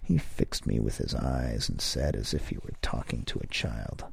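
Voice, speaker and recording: Gravelly deep-voiced male narrator. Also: expressive, normal speed, hardly any pauses, no echo. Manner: wry, arch, florid wording. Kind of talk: first-person literary narration.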